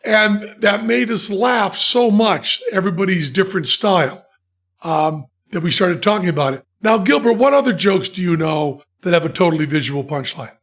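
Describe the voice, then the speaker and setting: High-voiced man spinning a comic story. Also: normal speed. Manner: animated storyteller who laughs mid-sentence. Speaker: podcast host.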